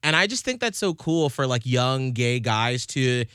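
Man, 30s, podcast host, playful, teasing, bright tone, lively pitch. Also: measured pace, clear, resonant tone, no room sound, clean studio sound. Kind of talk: casual podcast chat.

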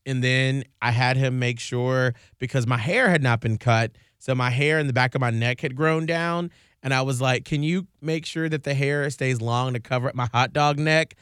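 A man hosting a radio show, chatting casually in an animated, jokey way. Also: mid-range voice, normal speed, clear, resonant tone, no echo, studio quality. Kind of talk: casual chat.

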